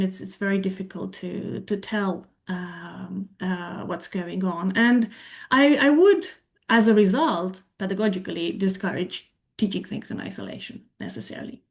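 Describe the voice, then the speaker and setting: A woman presents a talk at a slow, deliberate pace, talking through a live software demo. She explains as she thinks, backing up and rephrasing mid-sentence, with a voice pitched in the middle range for a woman. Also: creaky. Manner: explanatory, thinking aloud, self-correcting. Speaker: presenter on medical English teaching.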